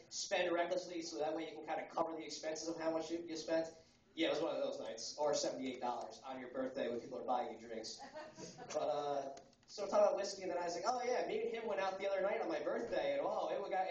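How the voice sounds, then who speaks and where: A man in his twenties from the United States doing a stand-up comedy set at a coffee house, talking fast and crudely with rambling fillers. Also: on the high side. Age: 20s. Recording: roomy, distant, muffled live recording.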